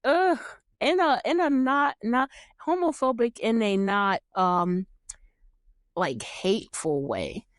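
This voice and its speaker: A woman's voice: a little high, lively intonation, slow pace, smooth, no room sound, studio quality. A young woman from New York hosting a podcast, chatting casually and animatedly, laughing often and swearing freely. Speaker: podcast host. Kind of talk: casual chat.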